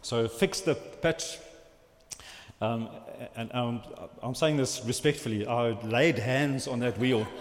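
A man preaching, telling a personal story in a halting, rambling way with many restarts. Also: medium pitch, a little hiss or hum. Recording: long hall reverb.

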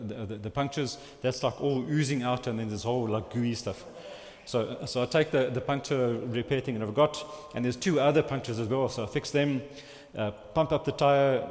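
A man preaching, telling a personal story in a halting, rambling way with many restarts. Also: medium pitch, darkish tone. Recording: long hall reverb.

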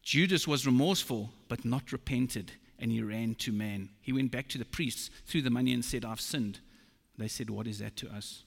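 A man preaching a sermon, slow and emphatic, quoting scripture. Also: mid-range voice, steady tone, creaky. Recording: long reverb of a large hall.

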